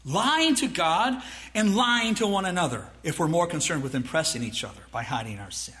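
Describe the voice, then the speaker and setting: A male pastor delivers an emphatic sermon in a high, bright voice. He swings his pitch widely, drives his points home with repetition, and throws out rhetorical questions to the congregation. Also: animated, moderate pace. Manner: emphatic preaching, mock dialogue with the congregation; rhetorical questions and repeated phrases.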